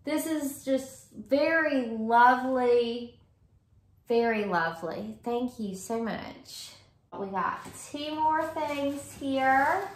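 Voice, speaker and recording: A high-pitched woman in her 30s from Virginia, US, gushes with delight while opening gifts in a casual vlog. Her delivery is effusive, slow and drawn-out, and the recording has a roomy echo.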